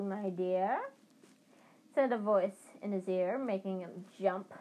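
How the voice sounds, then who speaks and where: A woman narrating a fantasy storybook with a steady reading pace and the odd restart. Her voice sits at a plain middle pitch. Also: poor audio. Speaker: audiobook reader.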